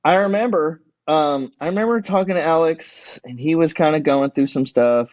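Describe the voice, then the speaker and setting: A man's voice: on the high side, moderate pace, darkish tone, dry recording, dull audio. A man who is a firefighter and EMT, a podcast guest telling rowdy, profane stories in casual chat and acting out what people said. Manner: profane, rowdy storytelling with acted-out quotes.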